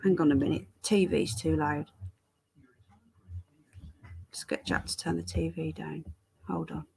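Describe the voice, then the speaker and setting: A woman's voice: sits low, fairly even intonation, measured pace, vocal fry, a little mellow. An English woman chatting casually on a live stream, greeting viewers by name while fiddling with her stream settings. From England.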